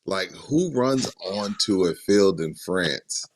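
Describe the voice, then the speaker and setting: A man's voice: low-pitched, lively intonation, slow pace. A man co-hosting a casual sports podcast from a studio, arguing his points emphatically and telling stories to make them. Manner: emphatic, argumentative storyteller. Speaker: podcast co-host.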